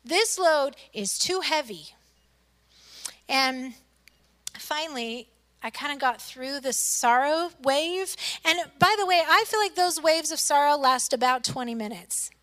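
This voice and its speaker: A middle-aged woman pastor preaching a sermon, telling a personal story earnestly, swinging between loud emphasis and soft, hushed lines. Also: high-pitched, a little slow.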